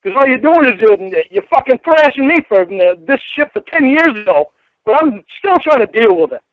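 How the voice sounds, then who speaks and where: A man with a high voice argues angrily and bitterly, swearing and laying down ultimatums. His voice sounds dry and close, with no room around it. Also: sing-song, moderate pace, dry recording, dull audio. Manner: angry, bitter, profane ultimatums. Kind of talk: heated argument on a phone call.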